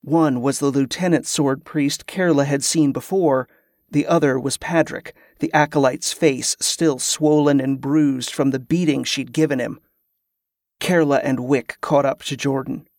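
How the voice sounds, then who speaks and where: A man narrating an audiobook in a steady, even storytelling read. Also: mid-range voice, measured pace, no room sound, clean studio sound. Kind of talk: scripted narration.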